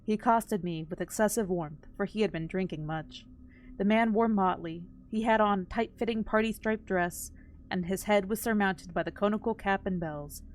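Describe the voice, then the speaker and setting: A woman's voice: medium pitch, moderate pace, a little hiss or hum. A woman reading a classic story aloud on a live stream, with casual asides when she trips over hard words.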